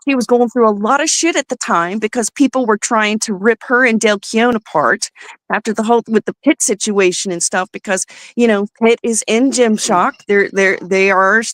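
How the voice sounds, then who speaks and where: A woman's voice: mid-range voice, normal speed, no echo. A woman co-hosting a talk show, ranting angrily and profanely with heated outbursts. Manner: profane, heated, shouting bursts. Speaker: podcast co-host. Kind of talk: angry ranting commentary.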